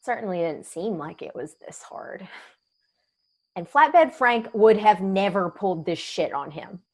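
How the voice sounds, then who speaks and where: A woman's voice: mid-range voice, lively intonation. An actress playing a young woman tow truck driver who talks in a wry, confiding way. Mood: wistful. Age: young adult. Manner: wry, confiding, quick to laugh. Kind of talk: audio drama acting.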